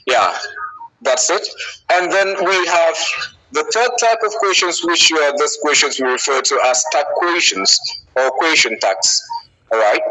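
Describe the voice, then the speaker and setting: Bright-voiced man teaching English. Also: a little high, expressive, rough recording. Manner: patient, checks in often with a questioning "okay?"; reads example sentences slowly and clearly. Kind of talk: live English grammar lesson.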